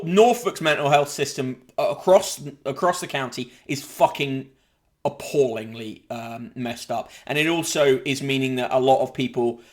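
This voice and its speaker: A man hosting a podcast, casually reviewing newspapers with sardonic asides and frequent swearing. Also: mid-range voice. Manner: sardonic, swears freely, halting with fillers.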